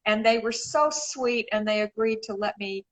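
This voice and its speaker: A woman's voice: on the high side, moderate pace, poor audio. A middle-aged woman from Memphis, chatting effusively on a live stream and calling people darling. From Memphis, Tennessee, USA. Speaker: shoe designer and regular guest. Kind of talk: casual live-stream chat.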